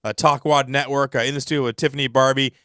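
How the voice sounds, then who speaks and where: A man hosting a casual comedy radio show in a studio, talking quickly and scattering "uh" fillers through his sentences. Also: mid-range voice, fairly even intonation, fairly bright tone, no room sound. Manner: rapid, peppered with "uh" fillers.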